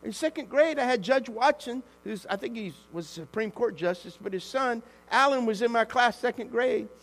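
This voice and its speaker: A man preaching a sermon as pastor, animated, swinging from hushed to shouting. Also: very high voice, normal speed. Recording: long hall reverb with mains hum.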